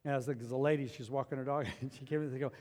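A man pastor preaching a sermon, animated, swinging from loud passages to hushed ones. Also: medium pitch, rapid-fire, long reverb tail.

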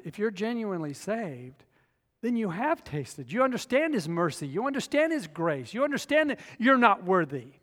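A man preaching a sermon, moving between loud emphatic lines and quiet conversational asides. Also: high voice, in a large hall. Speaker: pastor.

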